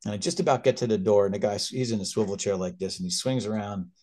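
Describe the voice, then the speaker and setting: Man, fifties, physician guest, animated, earnest storyteller, slightly low voice. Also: quick pace. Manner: animated, earnest, gets emotional. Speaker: critical care physician, guest. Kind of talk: conversational storytelling.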